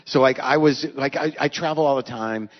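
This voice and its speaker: A man's voice: mid-range voice, a little fast, big-room sound. A male podcast host chatting live on stage, casual and profane, telling his own story. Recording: dull live stage recording.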